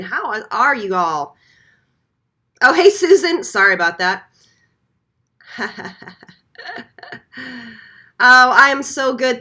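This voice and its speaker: A woman's voice: mid-range voice, pushed and bright. A woman hosting a live stream, chatting casually and greeting viewers one by one by name. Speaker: beauty channel host.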